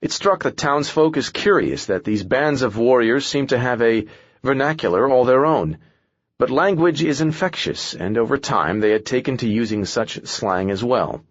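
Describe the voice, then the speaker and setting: A man narrating a fantasy audiobook in measured storytelling. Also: medium pitch, expressive, dry recording, lo-fi sound.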